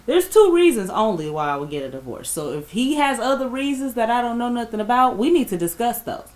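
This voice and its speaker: A woman co-hosting a podcast, talking in an earnest, deliberate way and laughing easily. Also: fairly high pitch, sing-song, darkish tone. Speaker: podcast co-host. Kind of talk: casual podcast chat.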